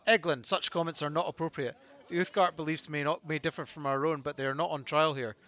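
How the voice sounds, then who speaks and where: Man voicing a stern, measured judge. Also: on the high side, fairly even intonation, pushed and bright. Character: stern fair-minded male judge.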